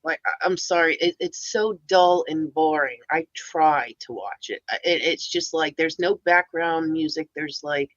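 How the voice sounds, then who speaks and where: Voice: mid-range voice, measured pace, few pauses, fairly bright tone, no echo, muffled recording. A streamer giving casual, rambling reaction commentary, blunt and swearing often.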